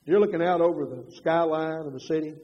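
Older man preaching, husky. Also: on the high side, a little fast. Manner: swings from loud emphatic preaching to quiet confessional storytelling. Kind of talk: sermon. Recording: dull reverberant hall.

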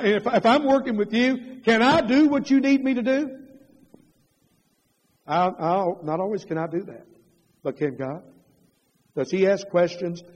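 High-voiced middle-aged preacher, reverberant hall. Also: male voice, a little mellow. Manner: emphatic, rhetorical questions, rising to raised passionate pitch. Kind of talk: sermon. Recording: long reverb of a large hall.

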